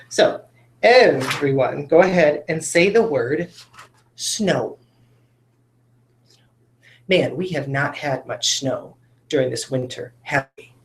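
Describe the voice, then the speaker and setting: A man's voice: a little high, roomy sound. A male teacher giving a patient phonics lesson to children, coaxing them along with tag questions.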